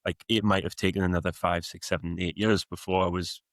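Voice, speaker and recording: A man in his thirties with a softened Geordie accent, reflecting on his coaching path in a casual podcast interview, rambling with many fillers. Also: low voice, fairly even intonation, a little fast, dry recording. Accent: Geordie, softened by years in the US. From Newcastle, England. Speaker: guest, football coach.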